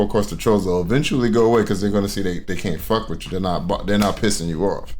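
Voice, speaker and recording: A man's voice: low-pitched, quick pace, a little mellow. A man co-hosting a casual commentary chat, blunt and profane, often acting out what others say. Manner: blunt and profane, mimics others in quoted voices. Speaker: commentary co-host.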